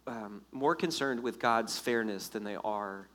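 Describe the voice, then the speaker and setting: A man preaching a sermon in a lively, conversational way, acting out the quotes. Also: lowish voice, unhurried. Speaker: pastor.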